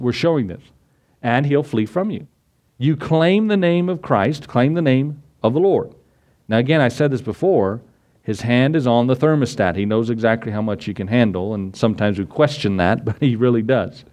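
A man's voice: medium pitch, darkish tone. A man preaching a sermon as pastor, folksy and conversational, with asides, chuckles and acted-out quotes.

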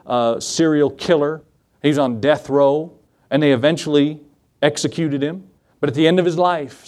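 A man preaching a sermon as pastor, slowing down and rising in pitch for emphasis, then dropping low and quiet for asides.

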